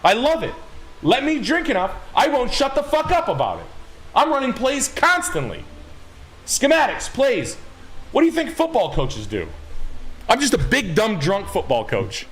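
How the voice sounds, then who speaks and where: Male streamer host, young adult; emphatic, profane rant delivery, highly animated pitch. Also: moderate pace. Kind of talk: rambling casual stream talk.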